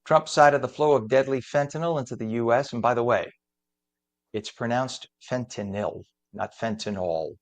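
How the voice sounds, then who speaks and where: A male morning radio news host with a mid-range voice moving briskly through the headlines. He reads each story, then slips into opinionated, chatty commentary, sounding like a self-aware know-it-all. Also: mid-range voice, steady tone.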